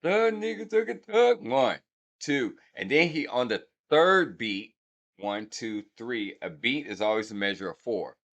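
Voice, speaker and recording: A man with a fairly low, fairly bright and expressive voice speaks a little slowly while hosting a hip hop breakdown channel. Brash and casual, he speaks straight to his viewers and counts beats aloud to break down the rhythm.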